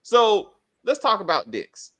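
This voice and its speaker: A middle-aged man hosting a casual TV review chat, rambling, swearing and talking in an animated way. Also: high-pitched, slow. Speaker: TV review host.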